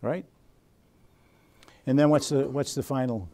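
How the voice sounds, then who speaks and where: A man leads a training seminar in a lively, engaging way. He fires questions at the group and steps into little role-plays to make his points. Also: mid-range voice, unhurried. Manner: animated, quizzes the audience and acts out scenes. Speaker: seminar presenter. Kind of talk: interactive seminar teaching.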